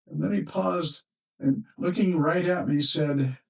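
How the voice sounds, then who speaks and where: A man working as a relationship counselor, speaking in a slow, measured, reflective monologue with thoughtful pauses. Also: fairly high pitch, vocal fry, recorded from a distance, poor audio.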